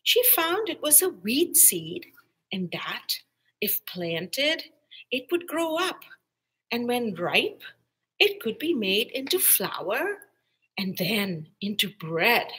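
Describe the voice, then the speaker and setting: A woman librarian reading a picture-book story aloud to children, slow and expressive. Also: fairly high pitch, husky, poor audio.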